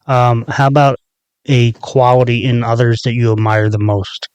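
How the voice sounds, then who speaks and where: A man's voice: mid-range voice, little pitch movement, normal speed, darkish tone, clean tone, no echo, dull audio. A man from the Philadelphia area hosting a podcast, asking casual questions and giving short agreeing replies. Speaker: podcast host.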